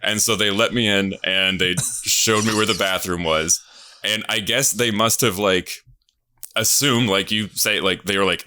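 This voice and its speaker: A man's voice: lowish voice, unhurried, pushed and bright, clean tone. A man in his thirties casually telling a long, rambling anecdote as a game show contestant, full of fillers and restarts. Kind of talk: casual storytelling.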